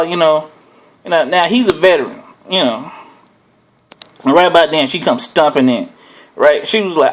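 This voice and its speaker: A man hosting his own show, telling a personal story in a casual, animated way, often chuckling and asking "right?". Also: fairly high pitch, moderate pace, long pauses. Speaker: host.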